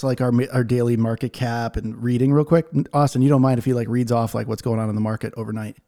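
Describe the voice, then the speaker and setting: A man from New England hosts a casual podcast chat with a gravelly, mellow voice. He talks in a loose, joking way, with "like" scattered through his lines. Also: mid-range voice, steady tone, quick pace, hardly any pauses. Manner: loose, joking, says "like" a lot. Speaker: podcast host.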